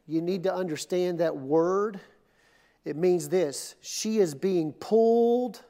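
High-voiced, animated preacher man. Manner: conversational, animated preaching, asks the crowd. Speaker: pastor. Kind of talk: sermon. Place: air-conditioned church auditorium.

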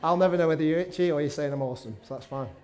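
A middle-aged man preaching a sermon in a church, conversational and warm-humoured with self-deprecating asides. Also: on the high side, racing. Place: church meeting room.

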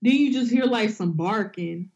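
A woman's voice: medium pitch, normal speed, highs cut off. A woman co-hosting a casual comedic podcast, swearing freely and acting out quotes in exaggerated voices. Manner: animated, swearing, acts out quotes in big voices. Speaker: podcast co-host.

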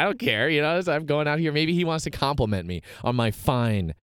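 Smooth-voiced young man telling a story. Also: fairly high pitch, fairly quick, dry recording, studio quality. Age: young adult. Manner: animated storytelling with laughs and acted quotes. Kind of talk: casual chat.

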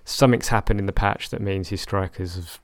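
A man's voice: lowish voice, steady tone, fairly quick, dry recording. A young man talking casually about his football management game, rambling and correcting himself with a wry tone. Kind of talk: casual chat.

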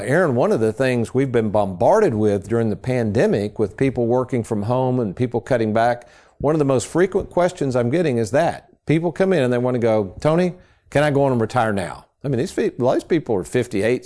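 A man's voice: mid-range voice, animated, a little fast, warm tone. Folksy man hosting a radio show. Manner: folksy storytelling. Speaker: financial advisor and radio host. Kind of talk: casual radio talk.

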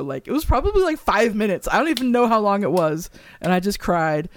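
A woman's voice: medium pitch, lively intonation, normal speed. Brief: woman co-host, loose and emotional storyteller, cusses freely, easy laughs. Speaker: podcast co-host. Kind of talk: casual chat.

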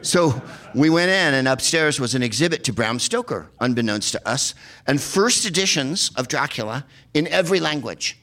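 A man's voice: medium pitch, expressive, moderate pace, fairly bright tone. A man telling rambling, sardonic comic travel stories, with plenty of swearing and filler words. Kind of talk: comedic travel storytelling.

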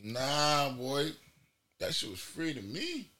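Very bright-voiced New man joking. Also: fairly high pitch, sing-song, slow pace. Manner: joking banter with frequent laughs. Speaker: podcast co-host. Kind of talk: casual chat.

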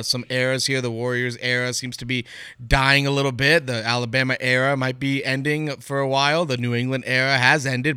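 Bright, crisp-voiced man chatting about sports. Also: mid-range voice, no echo, studio quality. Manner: animated, acts out quoted coaches. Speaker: podcast co-host. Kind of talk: casual sports chat.

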